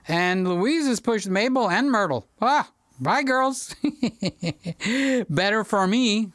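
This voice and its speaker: Speaking into a studio mic, a middle-aged man hosts a livestream where he reads out viewer comments and jokes around, often drifting from the subject. His voice is high and a bit bright, with no echo.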